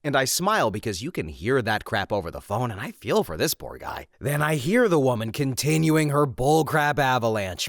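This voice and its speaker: A man reading stories aloud with lively, expressive narration and his own comments between them. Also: mid-range voice, moderate pace, hardly any pauses, no echo, studio quality. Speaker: story reader.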